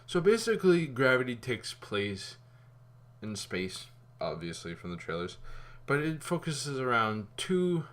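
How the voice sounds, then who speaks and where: A man giving a casual spoken movie review, rambling and animated, with fillers and some swearing. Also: mid-range voice, measured pace.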